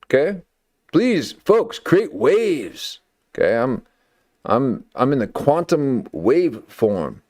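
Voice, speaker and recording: A man's voice: mid-range voice, big pitch swings, takes it slowly, a little mellow. A man hosting a late-night commentary stream, talking in a sarcastic, rambling way and often tacking on "okay" and "folks". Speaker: live stream host.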